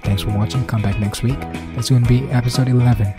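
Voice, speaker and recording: A young man hosting a casual solo podcast, rambling and swearing, dropping to mumbles and then bursting out loud. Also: medium pitch, fairly even intonation, quick pace, loud music behind the voice. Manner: rambling, profane, swings between mumbling and loud outbursts. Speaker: podcast host.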